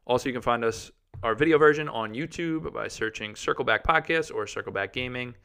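A man's voice: mid-range voice, fairly quick, vocal fry, pushed and bright, clear, resonant tone. A man co-hosting a casual gaming podcast, chatty and loose with plenty of fillers. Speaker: podcast co-host.

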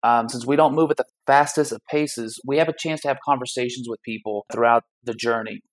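A man's voice: mid-range voice, fairly even intonation, brisk, poor audio. A man speaking as a podcast guest in an upbeat, casual way. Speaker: guest, foundation founder. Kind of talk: podcast interview conversation.

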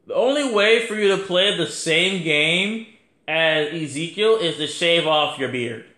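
A man's voice: fairly high pitch, expressive, slow, pushed and bright, reverberant. A man hosting his podcast, giving a casual, rambling wrestling review full of slang and fillers. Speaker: podcast host.

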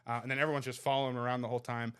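A man's voice: mid-range voice, level tone, fairly bright tone, clean tone. Comedian guest, 30s, male, swears constantly, races through the anecdote. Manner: rapid, profane, laughing anecdotes. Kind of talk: casual storytelling.

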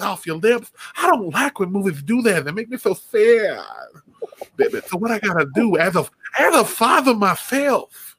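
A man's voice: high-pitched, pushed and bright, exaggerated voice. A man doing a drawling old wrestling legend. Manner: drawn-out, preachy storytelling, says "baby" a lot. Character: drawling aging male wrestling legend, folksy.

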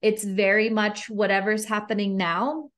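A woman's voice: mid-range voice, flat delivery, measured pace. Woman podcast host, reflective teacher tone. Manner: reflective, speaks to listeners like a teacher. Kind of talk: podcast interview.

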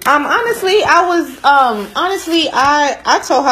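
A woman's voice: high voice, animated, normal speed, fairly bright tone, low-quality recording. A woman co-hosting a podcast, telling stories in a blunt, teasing way in casual chat. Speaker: podcast co-host.

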